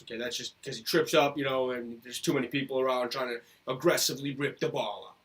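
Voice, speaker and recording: A man's voice: mid-range voice, fairly even intonation, fairly quick, few pauses, a bit bright. A man in his twenties from Minnesota, ranting heatedly about his football team on a podcast. He swears constantly and repeats his points for emphasis. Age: 20s. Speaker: podcast host. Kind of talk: ranting sports commentary.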